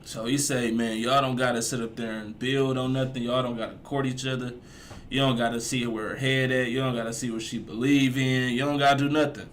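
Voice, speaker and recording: A man's voice: medium pitch, little pitch movement, a little fast, a little hiss or hum. A man giving casual, mocking commentary as he reacts to a clip, drawling and repeating his jokes. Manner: laid-back, mocking, drawling repetitions. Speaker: reaction streamer.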